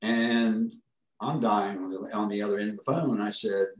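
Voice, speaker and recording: A man telling a story as a podcast guest, earnest and halting, often restarting his sentences. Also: fairly low pitch. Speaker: podcast guest, ministry founder. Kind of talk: casual spoken storytelling. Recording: roomy echoey room.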